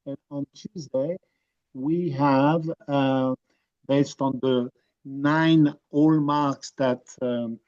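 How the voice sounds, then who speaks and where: A man with a French accent presenting a program in an online presentation, halting often with fillers and restarts over a video call. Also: mid-range voice, steady tone, a little mellow, highs cut off. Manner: hesitant, many fillers and restarts.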